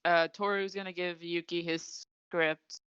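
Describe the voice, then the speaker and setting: Unhurried and flat in delivery, a young woman with a fairly low voice hosts a podcast recapping an anime episode, animated and giggling often in casual chat. Her tone is a bit bright, clear, and resonant with no room sound, captured on dull lo-fi audio.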